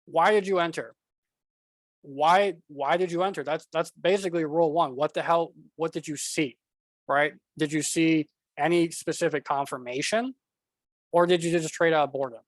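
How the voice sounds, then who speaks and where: A man with a slightly high voice talks bluntly to his viewers about trading habits, circling back over his points in a loose, casual way. The sound is dry and close, with no room echo. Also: normal speed. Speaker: trading coach. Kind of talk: casual slideshow talk.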